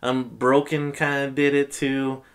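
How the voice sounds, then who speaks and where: A man co-hosting a casual movie podcast, animated and swearing, acting out lines from the film in high bursts. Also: a little slow. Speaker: podcast co-host. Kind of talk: casual movie review chat.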